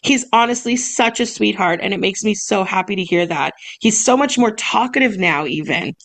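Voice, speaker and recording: In a mid-range, slightly bright voice at a moderate pace, a young woman co-hosts a podcast, chatting casually and reading emails aloud. She owns a massage business, and she's giggly and bubbly, laughing a lot and choking up easily.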